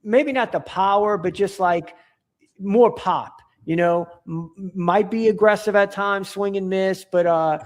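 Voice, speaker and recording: A man's voice: sits high, a little slow. A man talking as a podcast guest in casual chat, rambling and enthusiastic, with many restarts and fillers.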